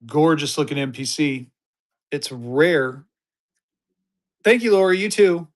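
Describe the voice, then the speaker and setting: A man's voice: fairly high pitch, expressive, slow pace. Upbeat man hosting a live-stream auction. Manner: upbeat, chatty, hyping bidders.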